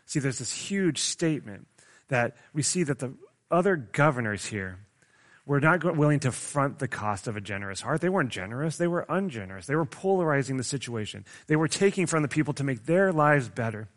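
A man's voice: medium pitch, animated, a little fast, fairly bright tone. A young man preaching a sermon in a casual, conversational way. He often stops to check in with his audience and restarts his sentences. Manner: restarts and stumbles often, says "like" a lot.

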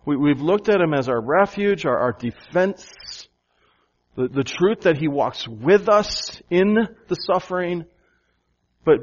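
Slow, lo-fi preaching man. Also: a little high. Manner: preaching with rhetorical questions and repetition. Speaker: pastor. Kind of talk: sermon. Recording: dull, lo-fi sound.

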